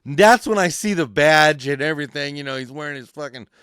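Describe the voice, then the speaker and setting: A man hosting a podcast, telling a story in animated, profane, casual talk and acting out the voices of people in it. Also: a little high, brisk, clear, resonant tone, no echo, studio quality. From California. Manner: animated, swears constantly, acts out voices in his stories. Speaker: podcast host. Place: podcast studio.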